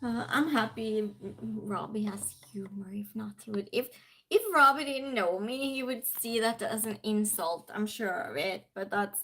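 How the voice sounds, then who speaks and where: A woman's voice: medium pitch, measured pace, a bit bright. A woman hosting a casual live-stream game night, chatting, laughing often and greeting viewers by name from her desk at home.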